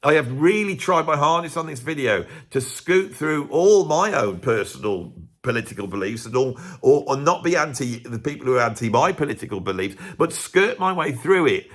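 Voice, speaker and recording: A man's voice: medium pitch, animated, normal speed, a bit bright. A man talking to camera in a casual, rambling monologue, often breaking off mid-sentence and asking rhetorical questions. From England. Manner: rambling, self-interrupting, full of rhetorical questions. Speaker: YouTube commentator.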